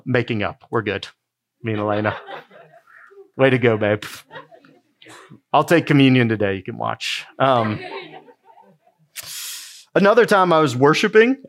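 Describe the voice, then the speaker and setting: A middle-aged man, a pastor, preaching a sermon in a relaxed, storytelling way. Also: mid-range voice. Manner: conversational storytelling preaching, with quoted asides.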